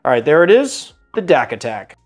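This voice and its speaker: A man's voice: on the high side, very animated, normal speed, soft background music. A man hosting a casual cocktail how-to from his home bar studio, chatty and self-deprecating with rambling asides. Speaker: bartender host.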